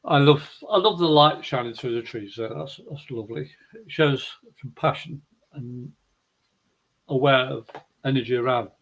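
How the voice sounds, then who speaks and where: A middle-aged man giving a gentle, rambling, affectionate spiritual reading on a live stream. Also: medium pitch, normal speed, rough recording. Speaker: psychic reader and co-host.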